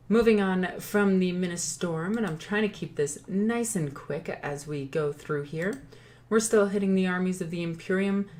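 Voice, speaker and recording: A woman hosting her own channel in casual hobby commentary, chatty and joking, often stopping to correct her own slips. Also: on the low side. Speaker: YouTube host.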